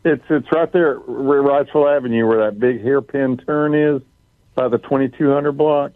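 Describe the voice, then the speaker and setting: A man's voice: medium pitch, fairly even intonation, normal speed, dry recording. Male caller, phone-line sound. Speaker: radio caller. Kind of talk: phone call to radio.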